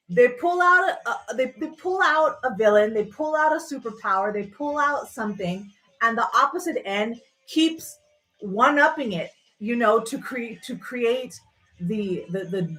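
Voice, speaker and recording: A woman's voice: a little high, animated, a little slow, sharp tone, soft background music, rough recording. A woman hosting a livestream, ranting casually and sarcastically, swearing freely. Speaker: livestream host. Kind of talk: casual rant.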